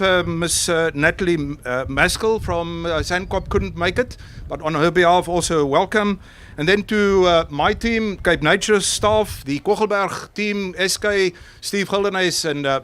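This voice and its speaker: A man giving a formal, halting welcome speech outdoors at a coastal colony through a handheld microphone. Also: on the high side, fairly bright tone. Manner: halting, formal, many pauses and restarts. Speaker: conservation official opening an event. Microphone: handheld microphone into a public address.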